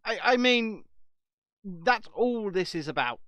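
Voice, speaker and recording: High-voiced British man, chatty co-host. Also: takes it slowly, no room sound, lo-fi sound. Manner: animated, laughs at own stories. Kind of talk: casual chat.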